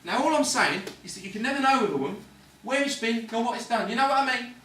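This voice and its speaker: Very high-pitched, bright and forceful, this actor's exaggerated, expressive voice races along as he plays a swaggering, cynical London ladies' man lecturing in slang on a hospital ward. The tone is scornful, the acting amateur and stage-like. A distant mic in an echoey room picks up faint noise.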